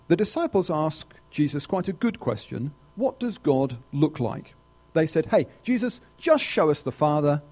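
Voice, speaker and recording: A man delivers a sermon with emphatic, animated phrasing. His voice sits high for a man. His pitch rises and falls a great deal from line to line. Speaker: preacher.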